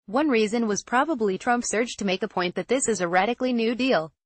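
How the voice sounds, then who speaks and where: A woman narrating a trade-policy newsletter as scripted news, with a measured, even delivery. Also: on the high side, no echo.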